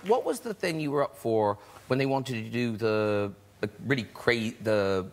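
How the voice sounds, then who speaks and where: A man hosting a chat show, teasing his guests with quick, playful questions. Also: medium pitch, animated. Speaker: talk show host. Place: TV studio with a live audience. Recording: audience noise and laughter behind.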